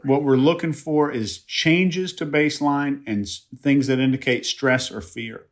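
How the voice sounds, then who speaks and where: A man on a panel who explains behavior cues in a measured way, leaning on research. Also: mid-range voice. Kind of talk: panel discussion.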